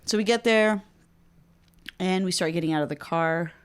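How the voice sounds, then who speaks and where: A woman's voice: on the low side, moderate pace, smooth. A young woman co-hosting a podcast, telling a story in a laid-back casual way, often quoting people. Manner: laid-back, laughs often, quotes others. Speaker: podcast co-host.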